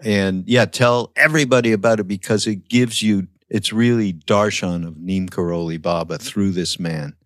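A man's voice: lowish voice, fairly even intonation, normal speed, few pauses, fairly bright tone, dry recording, clean studio sound. An older man, a podcast guest, telling reflective stories in casual conversation and acting out the voices he quotes.

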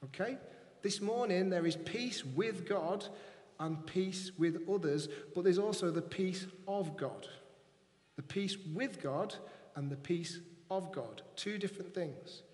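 A man preaching a sermon, reading scripture aloud and then repeating key lines softly for emphasis. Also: sits high, takes it slowly. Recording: echoey hall with long reverb.

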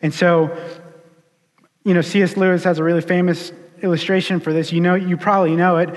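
A man's voice: sits high, brisk. Casual male pastor in echoing hall. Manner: casual storytelling, animated. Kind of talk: sermon. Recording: long hall reverb.

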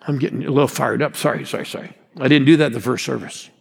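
A man's voice: medium pitch, steady tone, fast talker, vocal fry, breathy edge. A man in his sixties preaching a sermon as a pastor, rousing and calling out to the congregation. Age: 60s. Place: large church hall. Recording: long hall reverb.

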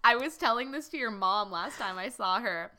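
A young woman with a bright, sharp voice chatting casually with a friend. She tells her stories playfully and giggles as she goes. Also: fairly high pitch, animated, normal speed. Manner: giggly, playful anecdote-telling. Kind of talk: casual chat.

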